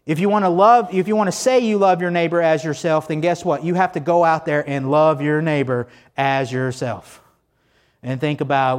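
A man's voice: on the high side, fairly even intonation, normal speed. A pastor preaching a sermon to his congregation in a church, conversational and joking, asking many rhetorical questions.

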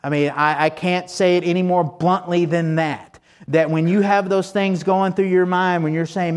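A man's voice: high voice, steady tone, moderate pace, few pauses. A man preaching a sermon in a conversational, folksy way, full of fillers and restarts. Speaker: pastor.

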